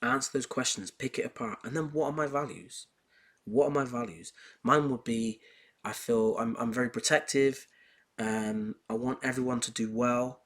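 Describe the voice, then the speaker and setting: A man's voice: medium pitch, moderate pace. Emphatic man telling stories. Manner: emphatic, heated storytelling with repetition. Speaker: podcast host. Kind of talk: casual monologue on self-improvement.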